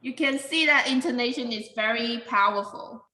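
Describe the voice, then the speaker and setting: A woman's voice: on the high side, moderate pace, bright, forceful tone, echoey room, low-quality recording. A woman teaching an English pronunciation class, patiently explaining and calling on students by name.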